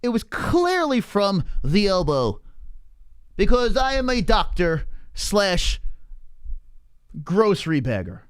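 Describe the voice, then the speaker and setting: Man doing a condescending armchair doctor, high, slow and sing-song, dry close sound. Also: huge pitch swings, smooth, no room sound, full character voice. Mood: smug. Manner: mocking, drawn-out, condescending. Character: smug know-it-all male armchair doctor.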